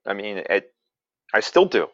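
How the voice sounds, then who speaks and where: A man's voice: on the low side, very animated, unhurried, no room sound, highs cut off. A man from Pennsylvania telling a family story in a casual, rambling way, with chuckles and self-corrections. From south-central Pennsylvania.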